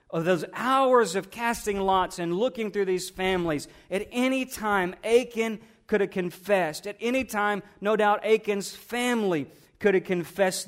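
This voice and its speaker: Higher-voiced man preaching conversationally. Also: measured pace. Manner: conversational preaching, rhetorical questions, repeats words. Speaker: pastor. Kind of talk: sermon.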